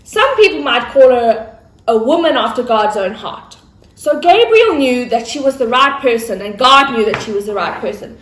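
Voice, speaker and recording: A woman's voice: a little high, animated, normal speed, fairly bright tone, a little hiss or hum. A woman telling a story to children in a playful style, with chatty asides. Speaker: children's church presenter. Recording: roomy echo.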